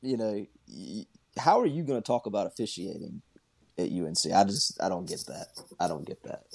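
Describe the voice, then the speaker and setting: A man co-hosting a sports podcast, speaking bluntly in halting, repetitive casual chat. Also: deep voice, animated, creaky, darkish tone, breathy edge, no echo. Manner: halting, repeats himself, blunt. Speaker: podcast co-host.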